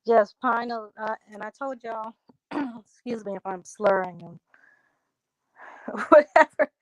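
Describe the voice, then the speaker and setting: A woman hosting a casual livestream, reading out viewer comments and answering them in a relaxed, drawling country way. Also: on the high side, slow pace, no echo, low-quality recording.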